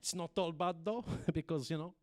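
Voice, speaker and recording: A stand-up comedian playing a deadpan middle-aged male Swedish homicide detective, with a put-on Swedish accent, on a comedy club stage. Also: fairly high pitch, brisk, crowd noise, close to an everyday voice. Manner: deadpan, dry delivery.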